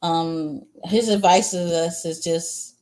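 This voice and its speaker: Low-voiced woman doing a chatty tarot reading. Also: fairly even intonation, takes it slowly, darkish tone. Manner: rambling, talks back to viewer comments, blunt and crude. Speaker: tarot reader. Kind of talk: casual livestream tarot reading.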